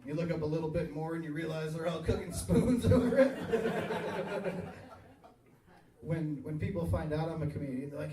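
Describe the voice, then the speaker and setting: A man's voice: fairly high pitch, moderate pace, dark tone. A man in his thirties performing a crude, self-mocking stand-up set in a small tavern, chuckling at his own jokes. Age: 30s. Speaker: stand-up comedian. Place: small tavern stage, live audience. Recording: echoey bar, voice from far off.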